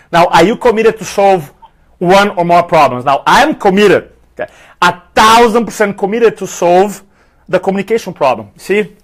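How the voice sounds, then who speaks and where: Male speaking trainer with a high voice, emphatic and energetic, drills key lines for note-taking. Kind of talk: motivational teaching on a live stream.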